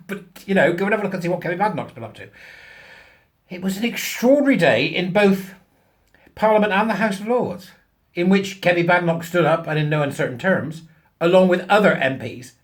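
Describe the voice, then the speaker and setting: A man's voice: sits high, lively intonation, brisk. A man talking casually to camera, chatty and emphatic, a bit unwell and getting emotional. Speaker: vlog host. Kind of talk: casual solo commentary.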